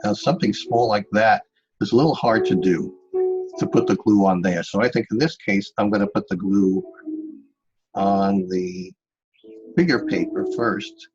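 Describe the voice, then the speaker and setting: This Staten Island art teacher has a lowish voice and a normal pace as he guides children through an online craft project, patiently and step by step, addressing them directly. Music plays in the background, and the high frequencies are cut off.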